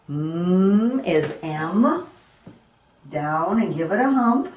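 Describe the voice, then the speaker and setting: A middle-aged woman leads a children's phonics lesson in a slow, sing-song teacherly voice. Her pitch sits a little low, and she takes her time over every sound. The recording carries noticeable room echo. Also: lively intonation, a little mellow. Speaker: reading teacher.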